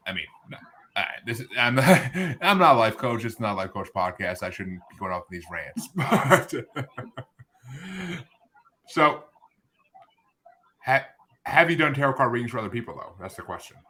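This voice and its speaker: Bright-voiced rambling male podcast host. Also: mid-range voice, very animated, normal speed, long pauses. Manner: rambling, sarcastic asides, self-interrupting. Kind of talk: casual interview chat.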